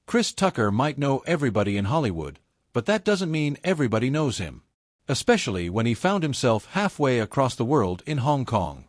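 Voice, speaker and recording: Male narrator, lively dry voice-over. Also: mid-range voice, brisk, dry recording. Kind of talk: scripted narration.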